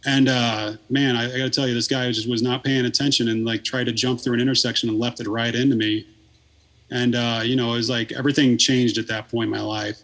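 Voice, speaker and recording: A man's voice: mid-range voice, level tone, a little fast, fairly bright tone. A man in his thirties, a podcast guest, telling a long story in casual, rambling talk full of swearing and fillers.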